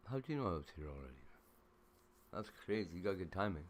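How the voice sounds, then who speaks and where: A deep-voiced man rambles through a casual livestream, crude and chatty, tossing out swears and offhand asides. A faint noise sits under his voice throughout. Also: very animated, fast.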